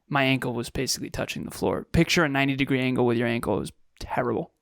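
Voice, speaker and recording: A man's voice: medium pitch, little pitch movement, rapid-fire, fairly bright tone, smooth, no room sound, clean studio sound. A man in his thirties co-hosting a podcast, telling stories in an earnest, reflective way. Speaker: podcast co-host. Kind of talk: casual chat.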